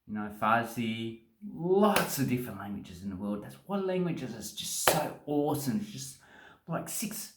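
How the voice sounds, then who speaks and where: An Australian man vlogging casually into a phone, joking and wandering into asides while he explains. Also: medium pitch. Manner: chatty, joking, rambling asides. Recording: echoey room on phone.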